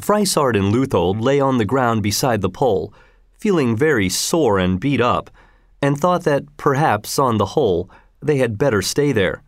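A man narrating a story as an audiobook, reading in a lively, expressive way. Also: medium pitch, moderate pace, no echo, studio quality.

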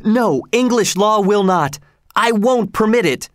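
A man reading aloud lifts his voice into a stubborn boy king who bristles at every insult. The voice sits high and swings widely, clipped and commanding, recorded dry and close. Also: big pitch swings, unhurried, dry recording. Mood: indignant. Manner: haughty, commanding, indignant. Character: proud young boy king, indignant and stubborn.

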